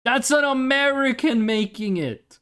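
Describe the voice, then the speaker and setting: Ranting Norwegian woman streamer, native Norwegian speaker, lively and swings her pitch a lot, curses casually. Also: unhurried, smooth. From Norway. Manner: ranting, swears freely, animated. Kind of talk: casual livestream chat.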